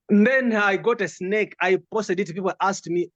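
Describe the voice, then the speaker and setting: A man's voice: sits high, normal speed, hardly any pauses, a bit bright. A man with a Ugandan English accent giving an impassioned political commentary, driving his points home with emphatic, stacked rhetorical questions. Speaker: guest commentator.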